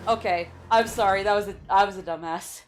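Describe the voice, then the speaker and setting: A woman's voice: medium pitch, brisk, soft background music. A young woman streaming a video game, chatting playfully with her viewers and laughing often. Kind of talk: casual gameplay commentary.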